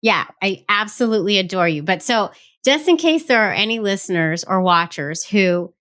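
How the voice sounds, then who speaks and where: Woman, podcast host, casual chat, playful, self-mocking, mid-pitched voice. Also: lively intonation, normal speed, a bit bright.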